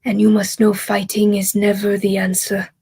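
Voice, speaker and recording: A woman voicing a small, solemn old male tribal chief who speaks in slow, hushed pronouncements. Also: medium pitch, completely flat delivery, creaky, slightly rough.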